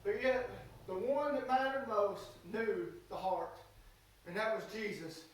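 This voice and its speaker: A man delivers a sermon in a high voice, stumbling and filling pauses with "uh" in folksy, plain speech. He is heard from a distance across a very reverberant church. The sound is roomy and hollow. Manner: halting, fills pauses with "uh". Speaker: preacher. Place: church sanctuary. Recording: echoey church from far off.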